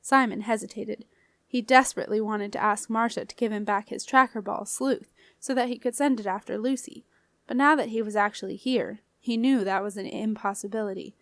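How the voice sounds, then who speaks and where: A woman reading an audiobook aloud in a measured storytelling way. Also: medium pitch, fairly even intonation, fairly bright tone, dry recording. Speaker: audiobook reader. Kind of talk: scripted audiobook narration.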